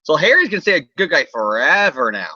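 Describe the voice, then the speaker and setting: A man's voice: on the high side, very animated, fast talker, sharp tone, slightly rough, no room sound, lo-fi sound. A man hosting a casual comedy podcast, recapping a comic in a rambling, sarcastic, profane way.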